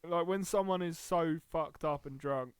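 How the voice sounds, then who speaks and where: A man's voice: on the high side, normal speed, clear, resonant tone, no room sound. A man co-hosting a podcast, teasing his partner, giggling and sounding sceptical. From England. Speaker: podcast co-host and editor. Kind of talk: casual podcast banter.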